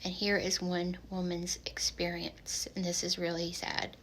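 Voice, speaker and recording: A woman's voice: on the low side, completely flat delivery, measured pace, a bit bright, a little hiss or hum, poor audio. Earnest woman reading from a study. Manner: earnest, reads quotes from a study aloud. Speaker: social media creator. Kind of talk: earnest social media commentary.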